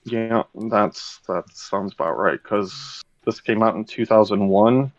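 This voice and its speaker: A man's voice: on the low side, a little slow, no room sound. A man hosting a podcast in a loose, rambling casual chat, swearing freely as he explains things. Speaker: podcast host. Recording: dull lo-fi sound.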